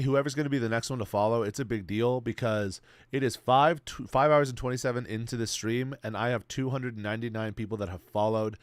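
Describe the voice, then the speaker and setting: A man's voice: mid-range voice, fairly quick, no echo. A man in his twenties chatting casually on a live stream, swearing freely and giving laid-back advice to his chat while he plays. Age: 20s.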